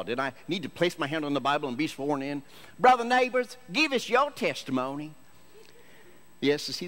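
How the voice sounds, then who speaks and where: Lively self-mocking male church speaker. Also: mid-range voice. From Michigan. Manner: self-deprecating, jokey storyteller. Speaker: Christian actor giving a church talk. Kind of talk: humorous sermon storytelling.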